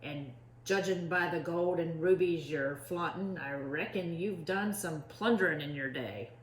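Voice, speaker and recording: A woman growling as a gruff bossy pirate captain. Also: on the low side, a little slow, reverberant, slight background noise, close to an everyday voice. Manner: growling pirate slang, bellowing.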